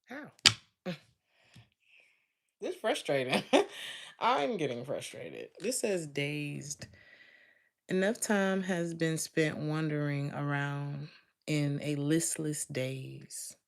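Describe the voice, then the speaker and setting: A woman's voice: low-pitched, animated, takes it slowly, creaky, long pauses. A woman giving a casual tarot reading to her viewers, chatty and laughing often, talking straight to her listeners. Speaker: tarot reader.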